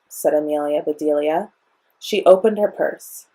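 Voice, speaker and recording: A young woman in her early twenties reading a children's picture book aloud with clear, expressive storytelling. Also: on the low side, normal speed.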